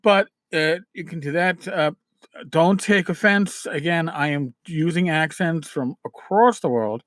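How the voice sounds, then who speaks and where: In a clean studio recording with no echo, a New York City podcast host speaks a little slowly in a slightly high voice. His casual advice comes out chatty and repetitive, with restarted phrases and swings between emphatic statements and dropped-down asides.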